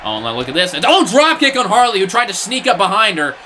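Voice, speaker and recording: A young man calling a video game wrestling match play by play, animated, breaking into shouts at big moves and exasperated asides. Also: high-pitched, fast talker, slight background noise. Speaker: play-by-play commentator.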